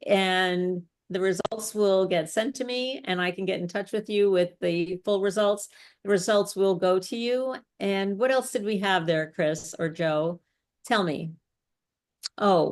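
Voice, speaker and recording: A woman speech coach leading a live online workshop, explaining step by step with chatty asides. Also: mid-range voice.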